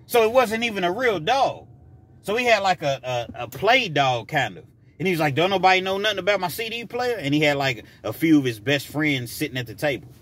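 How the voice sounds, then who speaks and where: A man's voice: fairly high pitch, brisk. A man telling a personal story casually, acting out scenes as he goes. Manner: animated, acts out scenes.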